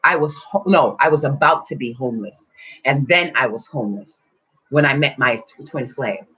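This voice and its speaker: Husky woman telling a story, lo-fi. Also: very deep voice, moderate pace. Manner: animated, swearing, acts out quotes in loud voices. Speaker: spiritual teacher. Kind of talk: casual storytelling monologue. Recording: dull lo-fi recording.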